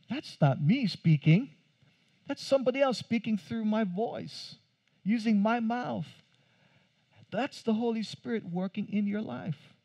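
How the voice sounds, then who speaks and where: A pastor giving a conversational sermon, asking the congregation questions and adding light humor. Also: male voice, high-pitched, darkish tone. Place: church.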